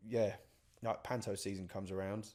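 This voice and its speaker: A man chatting casually as a podcast co-host, an animated storyteller. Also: lowish voice, moderate pace. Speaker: podcast co-host, session singer. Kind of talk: casual chat.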